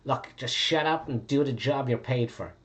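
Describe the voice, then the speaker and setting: A man voicing a gruff, dismissive male thug who answers curtly and mockingly. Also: medium pitch, moderate pace, heavy background noise, close to an everyday voice. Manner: curt, mocking.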